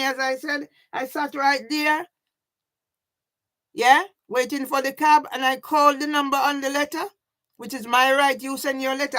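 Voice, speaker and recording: A woman with a creaky, high, fairly bright voice talks directly into her camera for an emotional vlog. Agitated, overwrought and seemingly sleepless, she swears heavily and keeps adding a questioning "yeah?" throughout her personal monologue.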